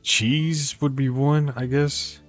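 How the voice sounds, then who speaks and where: Over soft background music, a let's-play streamer talks through a life-sim game at a slow pace. His medium-pitched delivery is flat. He rambles and thinks out loud, tripping over words as he attempts pronunciations.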